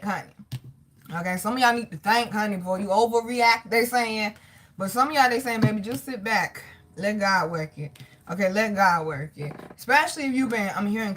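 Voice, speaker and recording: A woman giving a casual live tarot reading, slangy and swearing freely, greeting her chat by name and talking to God out loud between points. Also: medium pitch. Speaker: tarot reader.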